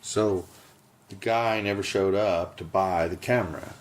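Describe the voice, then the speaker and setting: A man's voice: sits low, fairly even intonation, unhurried, a little hiss or hum. A man co-hosting a podcast in casual chat, emphatic and teasing. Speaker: podcast co-host.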